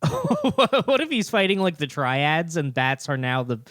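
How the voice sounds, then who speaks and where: A man co-hosting a podcast in casual comedic chat, deadpan and full of "yeah" and "like". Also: fairly high pitch, measured pace, dry recording, studio quality. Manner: deadpan agreeing, many "yeah" and "like". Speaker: podcast co-host.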